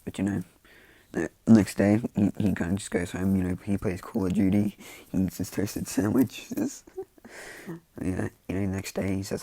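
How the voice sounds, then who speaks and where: A man's voice: sits low, expressive, moderate pace, vocal fry, mellow, dry recording. A man casually retelling a fan-made story in a loose, rambling way full of fillers.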